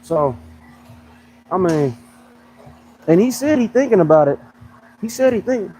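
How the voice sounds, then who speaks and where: Animated joking man, fairly high voice. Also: unhurried, pauses often, a little hiss or hum, rough recording. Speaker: fitness coach and pro bodybuilder. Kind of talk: casual livestream chat.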